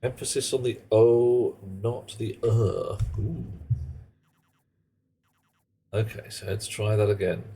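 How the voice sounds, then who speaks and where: Male streamer, lowish voice, loose joking asides while he plays. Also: steady tone, slow, vocal fry, long pauses, warm tone, slight background noise. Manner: rambling, joking, muttering asides. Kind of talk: casual live-stream chat while gaming.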